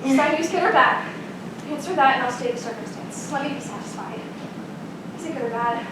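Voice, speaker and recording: A woman's voice: a little fast, close to an everyday voice. A woman acting a young girl in love in a live stage play, speaking classical verse with pleading impatience. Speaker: stage actor. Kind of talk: live student stage performance. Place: theater stage. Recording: echoey hall from far off, rumble.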